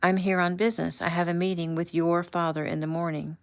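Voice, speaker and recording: A polite, earnest city businessman, easily rattled and wary of guns, as a woman reader voices him. Her own slightly low voice carries him with no heavy disguise. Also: flat delivery, a little fast, dry recording, lightly acted. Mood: flustered.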